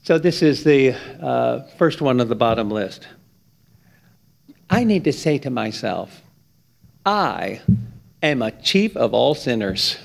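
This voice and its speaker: A man preaching a sermon, with emphatic stress that climbs high on key points. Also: sing-song, takes it slowly, vocal fry, long pauses. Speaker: pastor.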